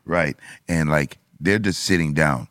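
A man in casual group chat, speaking slowly and hesitantly as he rambles. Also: very deep voice, fairly bright tone, no echo, studio quality.

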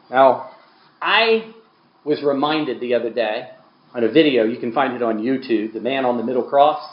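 Emphatic preacher in an echoey hall. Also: male voice, medium pitch, dull audio. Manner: emphatic, swings from quiet to loud. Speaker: pastor. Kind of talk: sermon.

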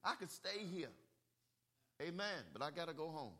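A male preacher delivering a sermon, calling for "amen" and swinging from quiet talk into shouted bursts. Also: a little high, expressive, moderate pace.

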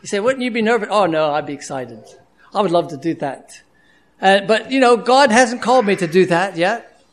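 A man's voice: sits high, normal speed. A man preaching a sermon in an earnest, conversational way, with frequent restarts and fillers.

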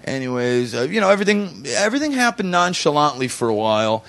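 A man's voice: on the high side, very animated, fast talker, gravelly, a bit bright. A man in his forties telling a story in casual chat, rambling with fillers and restarts. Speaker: podcast guest.

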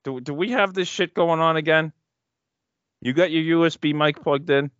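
A man's voice: on the high side, moderate pace, fairly bright tone, no room sound, muffled recording. A man co-hosting a podcast in casual chat, joking, laughing often and swearing freely. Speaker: podcast co-host. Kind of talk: casual chat watching old wrestling.

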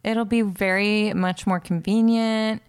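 A woman's voice: mid-range voice, unhurried, clear, resonant tone. Exasperated woman co-hosting a chatty podcast. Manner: animated, exasperated venting. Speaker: podcast co-host. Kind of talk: casual chat.

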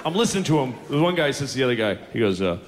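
Live on a comedy stage, a male stand-up comedian rants and mocks with lots of profanity, his mid-range voice animated and racing. Some chatter sits behind him, and the hall rings with audience laughter.

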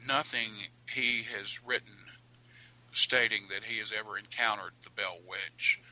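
A man tells a ghost story as a podcast guest, animated and dramatic. His voice is low and forceful, with a tense edge. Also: a little slow, poor audio. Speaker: author and guest.

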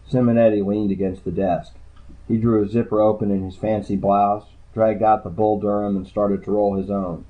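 A man narrating a hardboiled crime story in the first person, with a dry, low-key delivery. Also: fairly even intonation, moderate pace. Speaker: audiobook narrator. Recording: tinny phone-like sound.

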